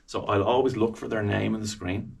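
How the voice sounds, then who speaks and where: A man's voice: fairly low pitch, a little fast, creaky, far from the mic. An Irish man, a radio presenter, chatting animatedly as a podcast guest about interviewing celebrities. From Ireland. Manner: chatty, animated, acts out quoted voices.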